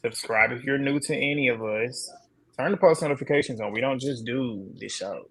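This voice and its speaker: A man's voice: medium pitch, brisk, fairly bright tone, husky, dry recording, rough recording. A man co-hosting a casual livestream chat, laid-back and laughing as he talks to the chat. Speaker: livestream co-host.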